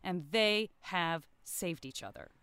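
A woman co-hosting a casual podcast, retelling a cartoon episode in an enthusiastic, emotional and animated way. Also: lowish voice, slow pace, clean tone, no room sound. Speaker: podcast co-host. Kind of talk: casual TV recap chat.

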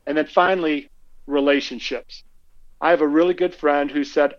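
A male podcast guest telling animated stories and acting out the quotes in them. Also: on the high side, normal speed, dull audio. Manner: animated anecdotes, acts out quotes. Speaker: guest speaker. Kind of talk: conversational storytelling.

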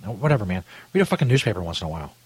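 Fast-talking, sarcastic male host. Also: low voice, very animated, a little mellow, husky, no echo. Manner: exasperated, sarcastic, swears freely. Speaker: radio show host. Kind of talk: comedy radio bit.

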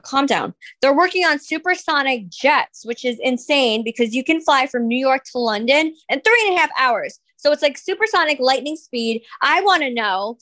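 Casting: woman podcast host, blunt and teasing with quick comebacks, voice a bit high, dry close sound. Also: lively intonation, fairly bright tone, dry recording. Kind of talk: casual chat.

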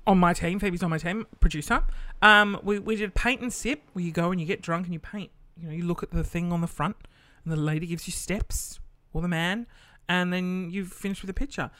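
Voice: medium pitch, bright, forceful tone. A podcast host telling a casual story, chatty and loose, swearing freely and acting out the people in it.

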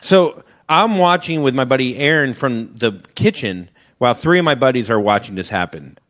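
A man co-hosting a podcast, telling a long story and acting out loud shouted quotes. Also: mid-range voice, lively intonation, moderate pace. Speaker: podcast co-host. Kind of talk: casual chat.

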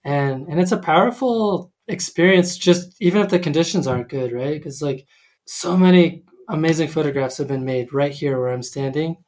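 A man's voice: on the high side, normal speed, darkish tone. Hesitant man chatting, full of ums. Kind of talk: casual chat.

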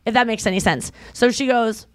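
Her fairly high voice runs a little fast in a studio-quality recording without room sound. She's a podcast co-host in casual conversation, a chatty storyteller who acts out whoever she quotes.

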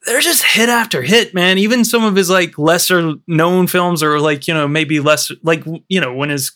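A man's voice: a little high, normal speed, bright, forceful tone. A man co-hosting a film podcast in casual chat, rambling and swearing freely, with lots of "like" and "you know". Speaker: podcast co-host.

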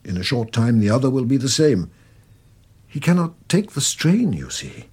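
A man playing a calm, formal doctor in a vintage radio drama, measured, courteous and sombre. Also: medium pitch, breathy edge. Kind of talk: 1940s radio acting.

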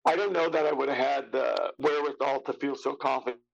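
A man's voice: mid-range voice, fairly quick, gravelly, lo-fi sound. A man in his fifties, an actor guest telling stories casually, acting out what others said and swearing freely. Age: 50s. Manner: animated, acts out quotes of others, casual swearing. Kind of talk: casual anecdotal storytelling.

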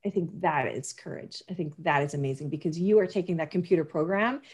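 A woman's voice: deep voice, fast, darkish tone, breathy edge. A woman speaking as a parenting guest in a casual interview, earnest and emphatic, often restarting her sentences.

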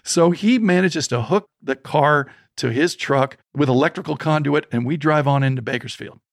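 A man speaking with a gravelly, creaky texture, telling a story in a lively, vivid way. His mid-range voice sits in a dry, close setting with no room echo. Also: medium pitch, moderate pace. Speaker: guest, storytelling coach. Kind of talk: personal storytelling in an interview.

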